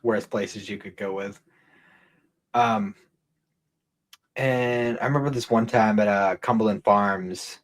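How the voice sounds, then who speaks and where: A man's voice: lowish voice, steady tone, slow, pauses often, poor audio. A young man co-hosting a podcast, rambling and swearing casually while telling work stories with frequent laughter. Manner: rambling, profane, laughing often. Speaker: podcast co-host. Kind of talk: casual chat, storytelling.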